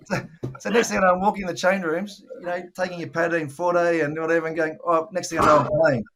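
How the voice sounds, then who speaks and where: A man's voice: on the high side, flat delivery, brisk, a bit bright, slight background noise. A man, a podcast guest telling rambling anecdotes in casual chat and acting out the voices of people he quotes. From Australia. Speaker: guest, former cricketer.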